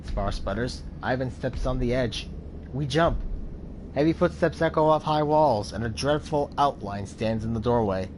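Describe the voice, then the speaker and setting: While playing a video game, this man performs its narration and dialogue with dramatic flair, taking on different character voices and commenting in between. He speaks at normal speed in a medium-pitched, slightly mellow voice. There is slight background noise.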